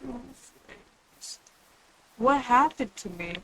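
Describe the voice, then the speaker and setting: Woman game streamer, bright clear voice, slightly high, rambling casual chat, faint room hiss. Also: expressive, drawn-out words, low-quality recording. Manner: chatty, rambling, reads chat aloud. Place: home room with others nearby.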